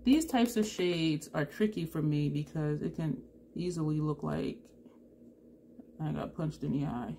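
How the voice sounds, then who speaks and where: A woman's voice: sits low, unhurried, gravelly, warm tone, a little hiss or hum. A woman vlogger chatting through a makeup tutorial, thinking aloud and correcting herself as she goes. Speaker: beauty vlogger.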